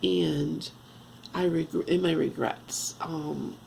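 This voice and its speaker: A woman in her fifties talking at home in a confessional vlog, halting and earnest, restarting often as she searches for words. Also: low voice, fairly even intonation, vocal fry, mellow, slight background noise, rough recording. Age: 50s. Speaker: vlogger.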